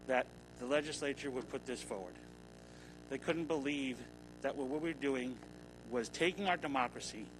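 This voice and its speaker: A man speaks at a legislature hearing, his voice set a little high. He pleads and scolds with heated conviction. A steady hum and noise sit behind him. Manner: impassioned, rising to a forceful scolding. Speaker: public commenter. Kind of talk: public comment at a legislature hearing.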